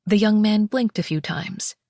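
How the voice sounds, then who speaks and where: A woman narrating a first-person romance audiobook in an expressive, wry way on a close mic. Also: mid-range voice, unhurried, dry recording.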